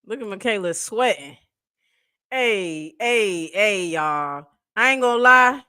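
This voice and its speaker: A woman co-hosting a casual live sports talk stream, animated and teasing, laughing often. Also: mid-range voice, takes it slowly, clean tone, no room sound, studio quality. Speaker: sports talk show co-host.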